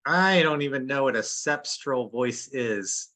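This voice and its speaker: A man chimes in with easy jokes during a group meeting. His voice is bright and swings freely up and down. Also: medium pitch, lively intonation, measured pace, slight background noise. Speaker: group member. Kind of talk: casual group meeting talk.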